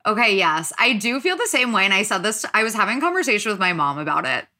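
Bright-voiced chatty woman podcast host. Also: medium pitch, fast talker. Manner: chatty, filler-heavy, animated. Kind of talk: casual chat.

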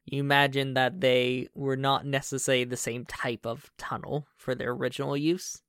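Smooth-voiced male game master. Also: medium pitch, moderate pace, dry recording, clean studio sound. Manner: relaxed, with frequent fillers. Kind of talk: narrating a tabletop game.

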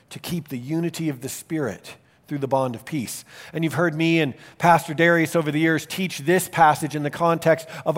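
A male pastor delivering a sermon in an earnest, emphatic style, speeding up and slowing down for emphasis. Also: on the high side. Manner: earnest, emphatic preaching with varied pace.

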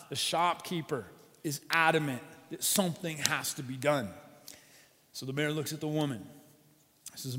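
A male pastor preaching a sermon through a story, with dramatic swings between quiet and loud. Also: on the high side, moderate pace. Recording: long hall reverb.

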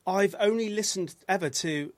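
An Englishman hosting a podcast, talking in loose, rambling bursts that double back on themselves. His voice sits a little high and sounds close and dry, with no room around it. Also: normal speed, no room sound. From England. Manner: chatty, rambling, self-interrupting. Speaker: podcast host. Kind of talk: casual chat.

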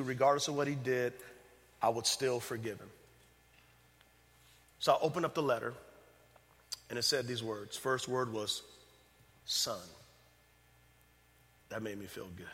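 A male pastor preaching a sermon, talking straight to the congregation and swinging between loud emphatic passages and hushed, tender ones. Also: mid-range voice, in a large hall. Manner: addresses the congregation directly.

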